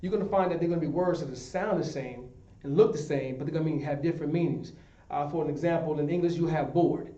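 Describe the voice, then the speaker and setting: The teacher's voice is a little high and dark, moving at a quick pace as he repeats himself and keeps checking if the class follows with "you understand?" His distance from the mic in an echoey room makes the sound lo-fi and dull.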